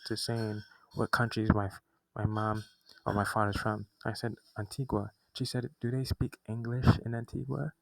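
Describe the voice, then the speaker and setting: Low flat-voiced young man telling a story. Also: no room sound, poor audio. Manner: restarts sentences often, agitated recounting. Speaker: vlogger. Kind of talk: personal storytelling monologue.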